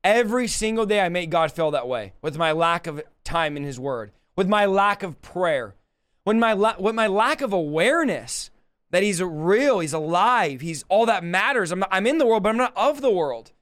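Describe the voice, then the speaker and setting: A man's voice: high voice, animated, normal speed, fairly bright tone, smooth. A middle-aged man preaching a sermon and praying, impassioned and pleading, often acting out both sides of a dialogue. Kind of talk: sermon with prayer.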